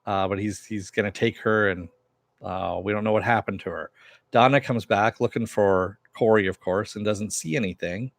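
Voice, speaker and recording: A man's voice: fairly low pitch, fairly even intonation, normal speed, no room sound. A man hosting a casual TV recap and review, blunt and rambling, with many restarts and fillers, answering live chat while wearing headphones. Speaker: show host.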